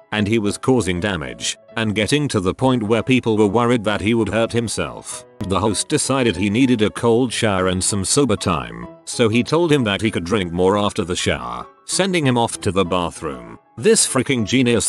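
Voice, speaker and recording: A man reading party stories aloud as a scripted narrator, with a wry, amused storytelling delivery. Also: on the low side.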